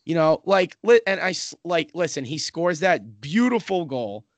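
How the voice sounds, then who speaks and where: A man with a slightly higher voice talks hockey casually, rambling on with frequent profanity and self-interruptions. His sound is dry and close, with no room around it. He keeps circling back to restate his points. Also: big pitch swings, moderate pace, no echo. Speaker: Islanders fan in a hockey podcast discussion.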